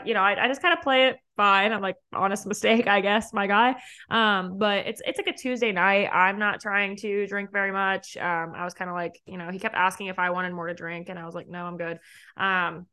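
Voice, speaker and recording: A woman's voice: medium pitch, bright, forceful tone, smooth. Young woman, podcast host, casual storytelling, chatty, laughing, acts out quotes.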